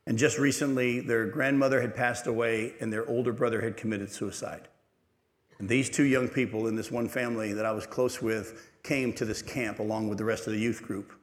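A man's voice: mid-range voice, steady tone, a little fast. A middle-aged man preaches in a church sanctuary with a midrange voice. He tells his story earnestly and leans hard into his points. A long reverb from the hall follows every phrase. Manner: storytelling, earnest, building to emphatic exhortation. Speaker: pastor. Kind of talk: sermon.

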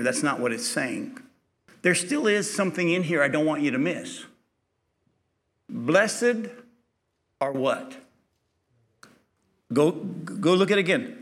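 A man's voice: fairly high pitch, a bit bright. A man preaching a sermon, telling a personal story in a conversational way, acting out the dialogue, then building to emphatic preaching.

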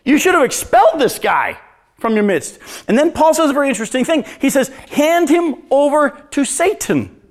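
A man preaching with a notably high-pitched voice. He tells lively stories, chuckles at his own jokes, and answers audience questions in a conversational way. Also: normal speed. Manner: animated, storytelling, laughs at own jokes. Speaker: pastor.

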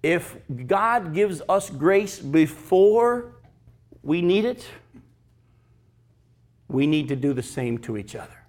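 A pastor in his fifties preaching a sermon, emphatic and animated, mixing teaching with personal stories. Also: high-pitched, slow pace, long pauses.

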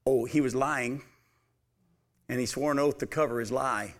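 A man with a mid-range voice preaches a sermon at a normal speed. He reads Bible passages aloud and emphatically puts questions to his listeners.

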